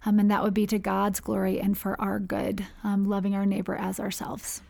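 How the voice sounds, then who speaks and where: A woman's voice: medium pitch, monotone, moderate pace, vocal fry, mellow. A woman, founder of a charity, telling her story in a casual interview, chatty and rambling with fillers and restarts. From United States.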